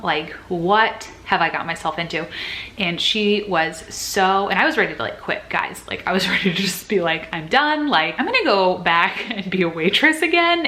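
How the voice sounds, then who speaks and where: Young woman, lowish voice, chatty, earnest, faint background hum. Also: sharp tone. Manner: chatty and earnest, acts out her own past worries. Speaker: nurse sharing advice. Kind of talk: casual vlog chat.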